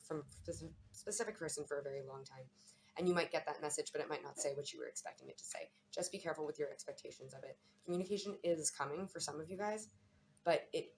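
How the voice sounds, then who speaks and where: Low-pitched woman reading tarot to camera, rapid and repetitive, faint noise behind. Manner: chatty, warm-hearted, repeats words. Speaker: tarot and astrology reader.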